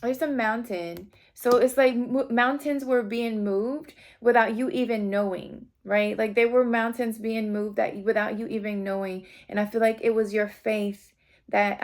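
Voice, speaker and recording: A woman's voice: a little high, fairly even intonation, measured pace, a little mellow. A woman giving a casual tarot reading, talking straight to her viewers in a rambling, heartfelt way. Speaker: tarot reader.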